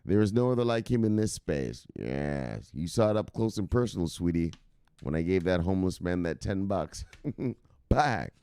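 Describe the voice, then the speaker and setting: A man with a lowish voice that swings widely up and down, chatting casually as host of a livestream. He rambles, curses without a second thought and shouts quick catchphrase goodbyes, and the sound is close and dry, with no room around it. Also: lively intonation, smooth, no echo. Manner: profane, rambling, loud catchphrase sign-offs. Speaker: host of a cryptocurrency news livestream.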